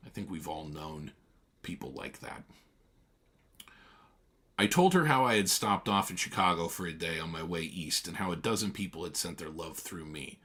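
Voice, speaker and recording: Low husky man reading aloud. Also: fairly quick. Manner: animated, tries out voices, chatty asides. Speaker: reader and teacher. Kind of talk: casual read-along and discussion.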